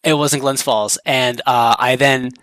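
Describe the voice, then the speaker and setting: A man's voice: medium pitch, fairly even intonation, moderate pace, fairly bright tone, no echo. A man co-hosting a podcast in easygoing, casual chat. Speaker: podcast co-host.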